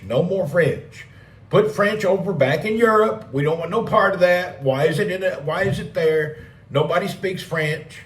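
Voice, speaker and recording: A man hosting a casual live stream, rambling and joking as he reads and answers chat messages. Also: fairly high pitch. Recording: roomy, distant mic with faint ambience.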